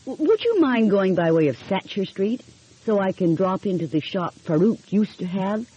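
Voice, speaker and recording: A woman's voice: mid-range voice, big pitch swings, moderate pace, mellow, breathy edge, lo-fi sound, pitched above the performer's own voice. A woman voicing an eager, polite young amateur detective who asks pointed questions. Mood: inquisitive. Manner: polite, inquisitive.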